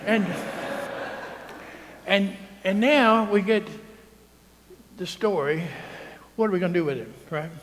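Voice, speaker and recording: A man's voice: sits high, slow pace, long pauses, fairly bright tone, slight background noise. A male priest, preaching a sermon in a chatty, teasing way and often asking "right?". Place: church sanctuary. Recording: long church reverb.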